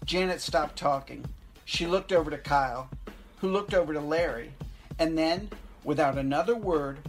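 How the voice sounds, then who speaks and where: Deadpan woman reading a story. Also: low-pitched, low-quality recording. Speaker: narrator.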